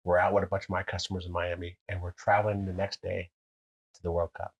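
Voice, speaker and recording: A low, husky male voice tells stories in a loose, casual chat. He swears freely and jumps into character for quoted lines. The delivery is animated and conversational. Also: fast, lo-fi sound. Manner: animated, profane, acts out quotes with big pitch jumps.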